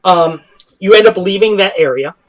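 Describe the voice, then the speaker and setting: A man with a somewhat high voice narrates as game master of a tabletop game. He talks loosely and jokingly, breaking into laughs and restarting sentences as he goes. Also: normal speed. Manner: jokey, with frequent restarts and laughs.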